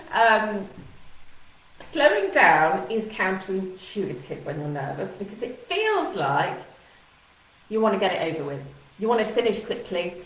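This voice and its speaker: A chatty, encouraging woman coaching viewers on camera at an ordinary pitch for a woman. Her voice rings around an echoey room, and a faint hiss sits underneath it. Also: big pitch swings, normal speed, distant mic. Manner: warm, chatty and encouraging, acting out anxious thoughts. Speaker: communication coach. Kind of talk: live coaching talk to camera.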